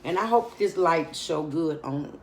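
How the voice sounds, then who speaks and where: A woman's voice: low voice, expressive, measured pace, darkish tone, slight background noise. A tired woman chatting casually to her viewers in a mukbang vlog while she eats. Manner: chatty, laid-back, talks straight to viewers. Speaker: mukbang vlogger.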